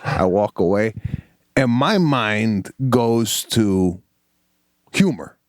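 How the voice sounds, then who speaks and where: A man co-hosting a podcast, casually telling an animated story and acting out the voices of the people in it. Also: lowish voice, extremely slow, no room sound, clean studio sound. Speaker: podcast co-host.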